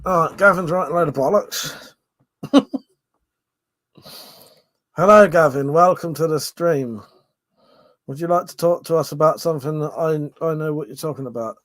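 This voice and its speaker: A man's voice: a little high, normal speed, pauses often, fairly bright tone. A man hosting a casual live stream, reading out viewer comments in a rambling, sweary, jokey way, yawning and short of breath.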